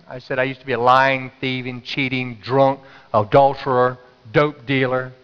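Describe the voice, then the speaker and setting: A man's voice: medium pitch, level tone, moderate pace, clear, resonant tone, in a large hall, muffled recording. A man preaching a sermon as pastor, telling stories in a conversational way and urging the congregation to answer back. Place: church sanctuary.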